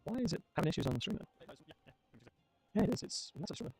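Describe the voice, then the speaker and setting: A man's voice: high-pitched, sing-song, quick pace, darkish tone, dry recording. A young man streaming a strategy game match, chatting casually and joking at his own expense. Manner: chatty, joking, self-mocking. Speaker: streamer playing a tournament match. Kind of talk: casual live-stream chat while gaming.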